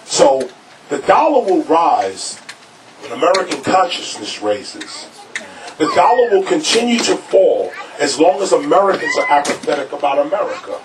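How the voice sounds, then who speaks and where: A man, a rapper speaking to a live crowd in a record store, emphatic and preachy, raising his voice to hammer points home. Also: on the high side. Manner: preachy, emphatic, shouting for stress. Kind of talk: animated public talk to a crowd. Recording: noisy, distant crowd recording.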